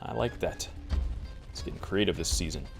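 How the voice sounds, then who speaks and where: A man's voice: sits low, animated, normal speed, creaky. A man giving casual, chatty commentary while he plays a survival game, talking to himself as he goes. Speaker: gameplay video creator. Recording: music playing behind the voice.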